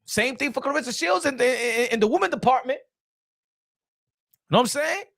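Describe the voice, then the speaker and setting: Male boxing vlog host, casual animated commentary, street slang, repetitive emphasis. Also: very high voice, normal speed, gravelly, dry recording, studio quality.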